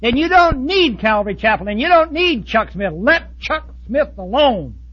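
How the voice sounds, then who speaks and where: A man preaching a sermon in a blunt, folksy way, swinging from loud outbursts to soft asides. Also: very high-pitched, very animated, moderate pace, breathy edge, highs cut off. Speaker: pastor.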